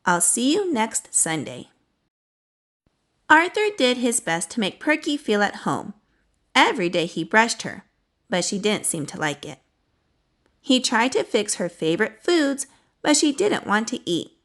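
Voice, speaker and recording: A woman's voice: on the high side, moderate pace. Cheerful woman reading aloud to kids. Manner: cheerful, expressive. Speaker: children's book reader. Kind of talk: storybook read-aloud for children.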